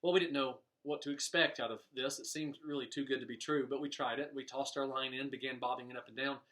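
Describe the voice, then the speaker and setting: A man preaching a sermon, telling stories in an animated way and pointing the lesson back to his listeners. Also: medium pitch, quick pace. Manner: storytelling preacher, animated, voices quoted characters. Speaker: pastor.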